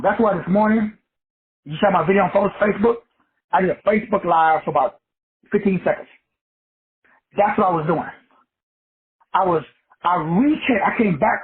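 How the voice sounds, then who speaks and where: A man with a high, very husky and raspy voice tells stories in a loose, profane way, stumbling through repeated restarts. The sound is thin and tinny, like a phone line. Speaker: metaphysics teacher. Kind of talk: casual profane storytelling talk.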